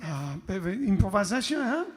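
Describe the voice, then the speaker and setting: A man's voice: high-pitched, very animated, brisk, very noisy. A man hosting his band's livestream, chatting playfully between songs and dropping into mock French. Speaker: bandleader and singer hosting a livestream. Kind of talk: casual chat between songs.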